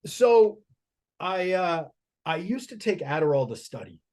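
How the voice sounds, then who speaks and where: A man's voice: high voice, lively intonation, a little slow, a little mellow. A man, a strength coach guest on a podcast, telling stories in a casual, profane and rambling way with frequent restarts.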